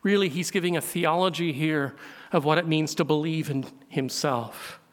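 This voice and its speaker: A male pastor with a somewhat high voice delivers a sermon. He asks his listeners questions and builds to loud, emphatic peaks, his voice trailing off in a long hall reverb. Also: moderate pace.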